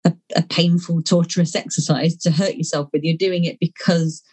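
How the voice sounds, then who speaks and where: A woman's voice: fairly low pitch, fairly even intonation, moderate pace, darkish tone, breathy edge. A woman, a guest author speaking candidly and casually, with the odd swear word. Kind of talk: casual conversational interview.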